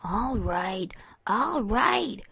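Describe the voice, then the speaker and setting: A woman's voice: medium pitch, sing-song, drawn-out words, vocal fry, bright, forceful tone, breathy edge, no echo, full character voice. A woman voicing a clumsy, good-natured young male pony with a sheepish, earnest manner in a storybook reading.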